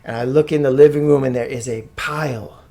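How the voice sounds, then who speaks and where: A man casually telling a wild story on a podcast, animated and slangy, with frequent swearing. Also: mid-range voice, brisk. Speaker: podcast guest or co-host.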